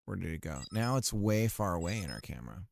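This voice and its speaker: A man's voice: low-pitched, sing-song, fast, vocal fry, a little hiss or hum. A man developing a game on a live stream, thinking aloud and chatting casually with his viewers, often trailing off mid-sentence. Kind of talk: casual live-stream commentary while coding.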